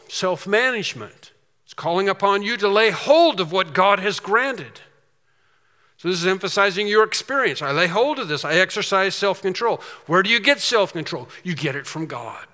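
A man's voice: high-pitched, bright, forceful tone, long reverb tail. A man preaching an expository sermon, asking questions and answering them with emphasis. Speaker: pastor.

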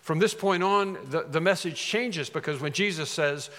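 A man preaching a sermon with a fairly high voice, delivered in a large church hall whose long reverb trails after his words. He is animated, acting out the lines he quotes and pushing up his emphasis on key points. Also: normal speed, hardly any pauses.

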